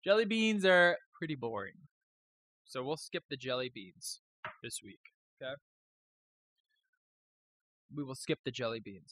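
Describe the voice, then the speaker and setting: A man's voice: medium pitch, animated, a little slow, pauses often, sharp tone, no room sound. A man hosting a live stream, chatting casually in a rambling, joking way with some swearing.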